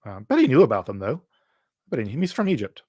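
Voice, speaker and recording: A man's voice: mid-range voice, huge pitch swings, a little fast, a little mellow, no echo, studio quality. A man from Mississippi hosts a livestream Q&A, speaking thoughtfully with many fillers and restarts. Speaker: host answering viewer questions.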